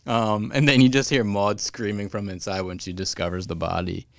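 A man's voice: lowish voice, fairly even intonation, creaky, dry recording, studio quality. A man co-hosting a podcast, casually recapping a cartoon episode, laughing often and quoting lines. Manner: laughs often, quotes lines in quick put-on voices. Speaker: podcast co-host.

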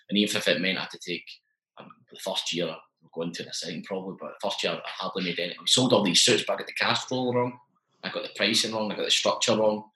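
A young man in his twenties, a guest telling his story in a chatty, animated way and acting out the dialogue. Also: low-pitched, roomy sound, poor audio. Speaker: interview guest, business owner. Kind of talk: casual storytelling.

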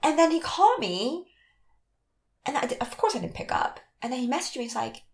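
An animated young woman telling a story in casual chat, her voice fairly high and swinging widely up and down. She talks in quick, chatty bursts packed with "like" and acts out what people said. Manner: animated storytelling, acts out quoted lines with lots of "like". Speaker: guest telling a dating story.

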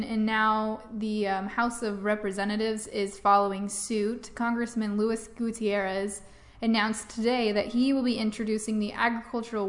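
A woman co-hosting a farm news talk show, reading news stories casually with fillers like um and like. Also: mid-range voice.

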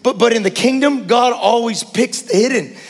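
A man preaching a sermon as pastor, passionate, swinging between hushed talk and shouting. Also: very high-pitched, moderate pace, big-room sound. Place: church.

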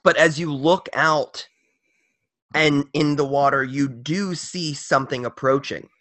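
Bright-voiced male game master. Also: a little high, measured pace, no echo. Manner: casual, rambling narration with many fillers. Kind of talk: narrating a tabletop game.

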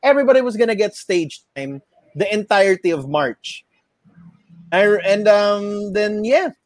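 Filipino male host, high voice, loose rambling talk, dry sound. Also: animated, measured pace, no echo. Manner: rambling, self-correcting, mixes Tagalog into English. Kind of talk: casual chat.

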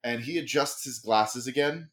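A woman narrating scenes as game master in a tabletop game, in a lively, quick manner. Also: extremely low pitch.

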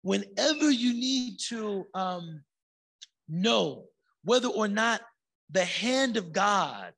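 A man giving a casual, conversational sermon as a religious teacher. He is animated and colloquial, slows down for emphasis, and jumps into shouted bursts. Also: sits high, vocal fry.

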